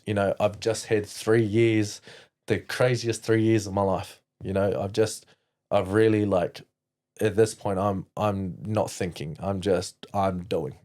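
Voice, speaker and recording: A New Zealand man speaks as a podcast guest, recounting his past in a loose, candid way. His voice sits fairly low and sounds warm and mellow. He rambles, restarts his sentences and swears freely. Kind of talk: candid personal storytelling.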